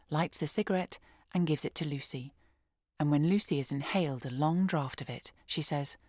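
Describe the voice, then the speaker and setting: A woman narrating an audiobook in a calm, measured, clearly enunciated way, close to the mic. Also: low voice, no room sound. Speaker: audiobook reader.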